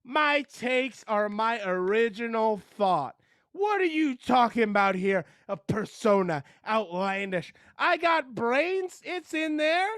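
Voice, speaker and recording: A man playing a boastful former high-school football star who rants about his sports takes and mocks a co-host. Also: very animated, slow, a bit bright, dry recording, clean studio sound, full character voice. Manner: ranting, mocking, boastful. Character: brash boastful male sports-talk blowhard, ex-jock. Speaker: comedy segment character.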